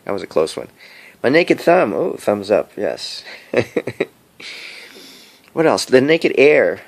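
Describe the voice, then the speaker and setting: A middle-aged vlogger rambles casually into his cell phone camera, giggling often. His mid-range voice has a sing-song lilt, and he takes his time.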